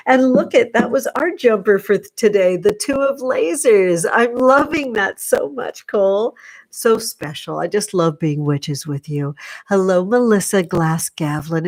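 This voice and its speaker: A middle-aged woman hosting a casual livestream, warmly greeting viewers by name and calling them sweetie. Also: fairly low pitch. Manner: affectionate, effusive, calls viewers sweetie.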